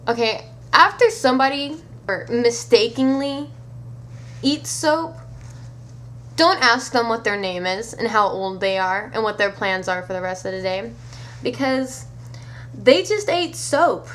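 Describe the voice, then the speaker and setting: A woman vlogger telling a story to camera in a casual, animated way, incredulous and swearing offhand. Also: fairly high pitch, a little slow.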